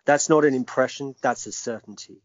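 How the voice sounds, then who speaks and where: A man's voice: medium pitch, brisk, no room sound. Middle-aged male guest, emphatic reflective storyteller, dull dry recording. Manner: emphatic, reflective, acts out quoted speech. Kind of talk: personal storytelling.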